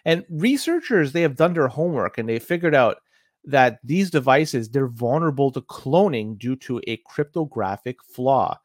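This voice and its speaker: A man co-hosting a podcast, explaining tech security news in a casual, halting way with frequent restarts. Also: mid-range voice, expressive, no echo. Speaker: podcast co-host.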